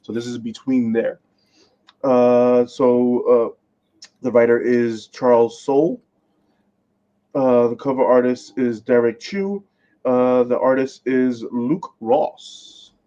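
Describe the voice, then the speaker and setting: Male podcast co-host, mid-pitch, laughs through a comics rundown, slightly muffled lo-fi mic. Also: steady tone, slow pace, warm tone. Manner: stumbles over names, laughs often. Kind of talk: casual podcast chat.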